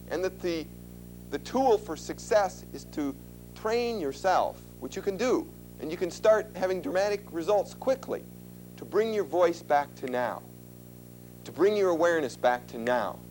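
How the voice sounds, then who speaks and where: A man's voice: sits high, darkish tone, rough recording. A man giving an instructional talk to an audience, conversational and emphatic, often asking questions. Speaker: lecturer.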